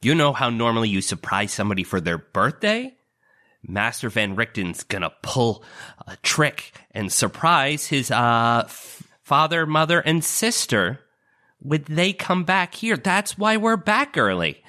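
A man's voice: medium pitch, very animated, measured pace, pushed and bright. A man voicing an eager young nobleman in a put-on accent, chatting about planning a surprise.

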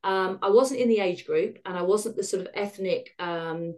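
A woman's voice: mid-range voice, normal speed, darkish tone. A middle-aged woman, a podcast guest, tells her personal story in a frank, self-deprecating way and acts out the dialogue she recalls. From United Kingdom.

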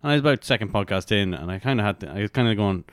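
A man's voice: fairly low pitch, expressive, racing, no echo, clean studio sound. A young Irish man co-hosting a podcast, telling funny anecdotes and laughing at his own stories. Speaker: podcast co-host. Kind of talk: casual chat.

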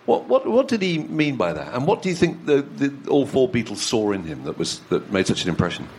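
Lively-voiced man interviewer. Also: mid-range voice, a little fast, a little hiss or hum. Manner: hesitant, restarting questions. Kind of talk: interview questions.

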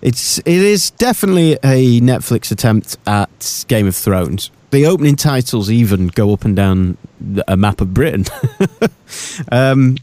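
A man co-hosting a podcast, chatting casually and animatedly about TV shows, jumping between thoughts with quick asides. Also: medium pitch, lively intonation, a little mellow, no echo. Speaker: podcast co-host.

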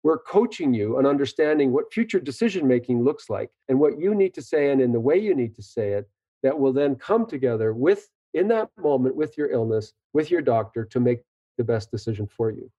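A doctor explaining patiently and earnestly in an interview, a man in measured conversation. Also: medium pitch, very animated, dark tone, dry recording. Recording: dull lo-fi recording.

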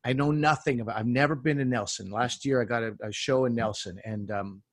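A man, a comedian guest, telling lively anecdotes in casual chat, acting out quotes as he goes. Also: mid-range voice, fairly quick, no room sound, studio quality. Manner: animated anecdotes with acted-out quotes.

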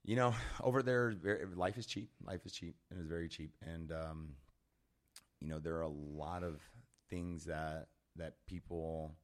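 Deep-voiced man telling a lively story. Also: measured pace. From Texas. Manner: animated, laughs often, many fillers. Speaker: podcast guest. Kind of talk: casual storytelling.

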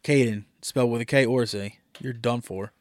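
A man rambles through a crude, joking story, swearing freely as he chats. His voice sits at an ordinary pitch and is recorded dry and close, with no room sound. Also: fairly even intonation, fairly quick, a little mellow, no echo. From Delaware, US. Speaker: podcast co-host. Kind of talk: casual chat.

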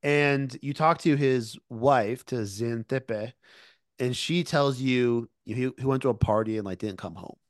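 A man's voice: medium pitch, measured pace, dry recording, studio quality. A man co-hosting a podcast, casually retelling events with many fillers. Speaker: podcast co-host. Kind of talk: casual discussion.

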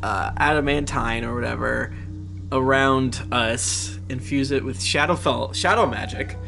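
A man's voice: medium pitch, a little slow, creaky, bright, forceful tone, soft background music. Joking man playing a tabletop game. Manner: joking and swearing, with laughs. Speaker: player. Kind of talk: casual tabletop game chat.

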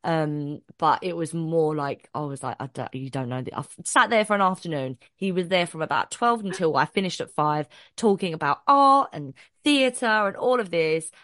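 In clean, echo-free studio sound, a low-voiced woman co-hosting a podcast spins a casual story at a moderate pace with few pauses. Her delivery is lively, full of free swearing and acted-out quotes.

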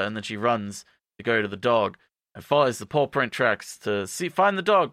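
A man's voice: fairly low pitch, expressive, fairly quick, a bit bright, no room sound, studio quality. A man co-hosting a podcast, recapping a show in a rambling, playful way with jokey asides. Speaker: podcast co-host. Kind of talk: casual comedic recap.

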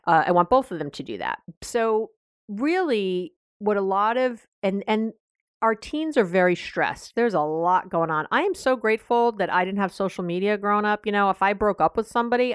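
A woman's voice: mid-range voice, dry recording, clean studio sound. A middle-aged woman hosting a parenting podcast, talking through advice in a loose, conversational way, often correcting herself and acting out what parents say. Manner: conversational, animated, self-correcting, acts out parent lines. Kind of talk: advice talk.

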